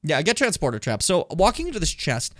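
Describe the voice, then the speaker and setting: A man's voice: fairly high pitch, a little fast. A man streaming a video game with a co-host, chatting casually, cracking jokes, swearing and dropping into silly voices. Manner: animated, jokey, swears, breaks into silly impressions. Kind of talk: casual gaming stream chat.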